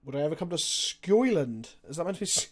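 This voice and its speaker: A young man with a slightly high voice hosts a casual live stream. He thinks aloud about his card game moves and chats with viewers between plays. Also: sing-song, quick pace. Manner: chatty, answers viewer questions while planning plays.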